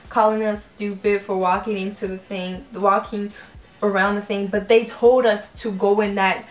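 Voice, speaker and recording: A young woman vlogger telling a story in a casual, animated way, acting out voices and laughing often. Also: medium pitch, echoey room. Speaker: YouTube vlogger.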